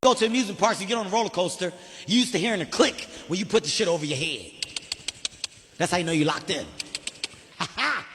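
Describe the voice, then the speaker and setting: Animated, profane stand-up comedian man. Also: high voice, fast, big-room sound, a little hiss or hum. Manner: animated, profane, acts out scenes.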